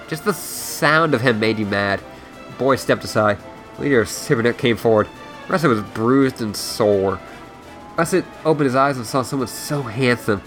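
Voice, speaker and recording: A man's voice: mid-range voice, fairly bright tone. A man hosting a podcast, reading a story aloud and then chatting loosely with many fillers. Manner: loose, filler-heavy talk with lots of "like". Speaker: podcast host. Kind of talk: casual chat and reading aloud.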